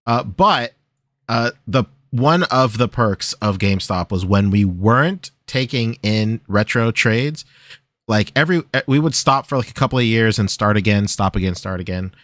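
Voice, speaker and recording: A man co-hosts a casual podcast in a low voice, relaxed and a little hesitant. He often trails off and restarts his sentences. The sound is dry, with no room around it. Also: moderate pace, no room sound. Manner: laid-back, hesitant, filler-heavy. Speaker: podcast co-host. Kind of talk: casual chat.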